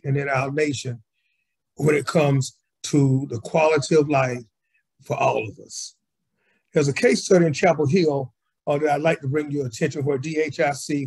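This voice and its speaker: A man delivering a prepared civic speech in a measured, read-aloud way. His voice is a little high and husky. It comes through a video call. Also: darkish tone. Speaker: community organizer speaker. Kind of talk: prepared speech at a virtual assembly.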